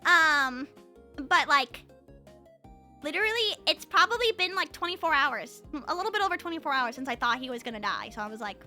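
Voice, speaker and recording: A woman's voice: sits high, lively intonation, fairly quick, pushed and bright, soft background music. A young woman streamer chatting casually to her viewers, rambling with lots of fillers and restarts. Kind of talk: casual livestream chat.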